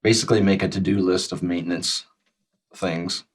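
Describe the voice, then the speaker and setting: A man's voice: low voice, steady tone, moderate pace, breathy edge, poor audio. A man playing a tabletop game, answering in brief, easygoing replies. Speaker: player. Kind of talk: casual tabletop play.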